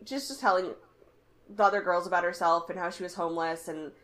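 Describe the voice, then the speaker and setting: A woman's voice: lowish voice, fairly quick. A woman co-hosting a casual podcast, recapping a TV show and acting out quotes. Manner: animated, acts out quotes. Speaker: podcast co-host.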